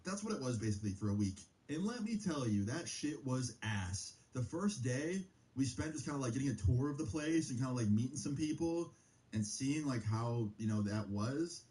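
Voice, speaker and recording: A young man streaming, telling a story in a loose, profane casual style full of fillers, his pitch jumping up on exclamations. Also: lively intonation, moderate pace, mellow, poor audio.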